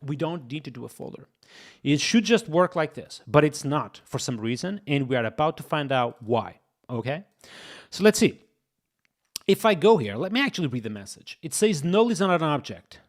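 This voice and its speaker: Here a young male streamer talks through his coding aloud, circling back over the same points and speaking straight to his viewers in a relaxed way. His voice sits a little high, sounds very animated, and moves at normal speed.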